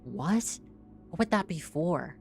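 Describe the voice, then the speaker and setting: A woman streamer giving live commentary as she plays a game, reacting out loud, swearing and reading in-game text aloud. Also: low-pitched, animated, slow, gravelly, soft background music.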